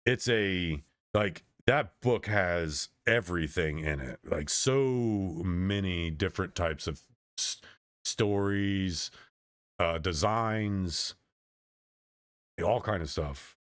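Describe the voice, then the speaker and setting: A man streamer in his thirties delivers a meandering, casual monologue in a low voice, speaking slowly and often restarting or trailing off mid-sentence. The audio is studio quality with no room sound.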